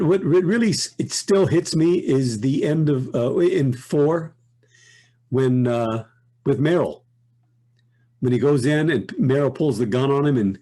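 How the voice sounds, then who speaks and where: An older man, a voice actor, chatting as an interview guest in a reflective, unhurried way that often breaks off and restarts. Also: mid-range voice, dark tone. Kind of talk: casual interview chat.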